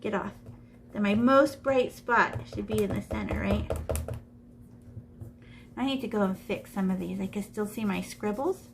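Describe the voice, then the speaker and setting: Speaking at normal speed in a medium, creaky voice, the woman pauses often against background noise. She is an art teacher showing shading during a live classroom drawing lesson, playful and chatty as she mutters to herself over her sketch.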